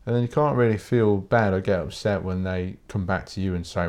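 Sweary British man ranting, lowish voice. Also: a little fast, darkish tone. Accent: British English. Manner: blunt, sweary, rambling, with many restarts. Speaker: podcast host. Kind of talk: casual solo podcast rant.

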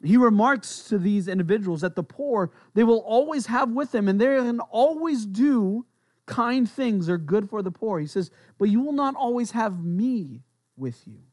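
High-voiced pastor preaching up close. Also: male voice, expressive, normal speed, darkish tone, dry recording. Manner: conversational, with playful asides and voiced reactions; repeats words while thinking aloud. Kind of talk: sermon.

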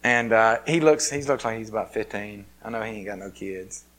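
A man's voice: lowish voice, brisk, a bit bright. A man preaching a sermon, telling a personal story in a conversational, self-deprecating way. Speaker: pastor.

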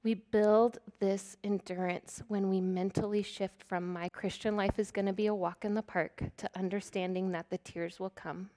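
A middle-aged woman preaching a sermon in an earnest, candid voice at a middling pitch. She speaks openly and personally to her listeners. At times she drops into soft, breathy whispers to stress a point. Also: steady tone, moderate pace, few pauses.

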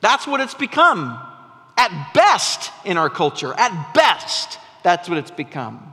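A male pastor delivers a sermon in a high voice. His tone is bright and forceful, and he talks in a chatty, storytelling way that keeps doubling back mid-sentence. A long reverb from the church hall trails after his words. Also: huge pitch swings, takes it slowly. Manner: conversational, storytelling preacher with frequent restarts. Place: church sanctuary.

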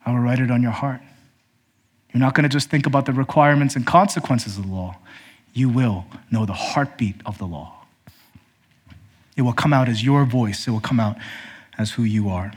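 A man preaching a sermon to his congregation, emphatic and direct, calling them brothers and sisters, swinging from high pointed questions down to low, quiet statements. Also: moderate pace, breathy edge. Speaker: pastor.

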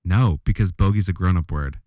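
A man's voice: low voice, a little fast, warm tone, no echo, clean studio sound. A man in his thirties, co-hosting a podcast in casual banter, playfully argumentative and mock indignant. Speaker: podcast co-host.

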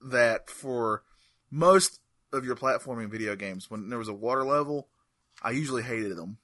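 A man's voice: mid-range voice, expressive, normal speed, fairly bright tone, dry recording. A man co-hosting a podcast, talking casually about games with joking, sarcastic asides. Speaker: podcast co-host. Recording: dry close mic.

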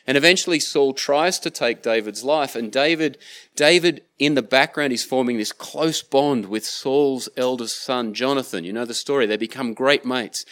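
A man's voice: mid-range voice, fairly bright tone. A man preaching a sermon, retelling a scripture story in casual everyday slang. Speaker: pastor.

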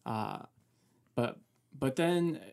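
A comedian guest from Mexico chats on a podcast in an easygoing way. His voice is gravelly and low-key, and his humor runs dry and sarcastic. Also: animated, very slow, darkish tone. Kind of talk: casual podcast chat. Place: home studio.

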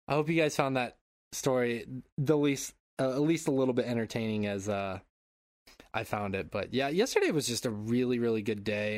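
A man hosting a podcast, telling a story in casual chat, animated and swearing freely while acting out loud shouts, on a close microphone at home. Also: on the low side, dry recording. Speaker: podcast host. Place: home room. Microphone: close podcast mic.

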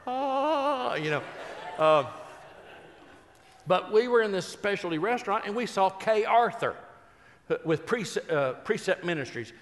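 Older male Christian humorist, folksy storyteller, somewhat high voice, hall reverb. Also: lively intonation, a little slow, pauses often. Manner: folksy, joking storyteller who turns earnest.

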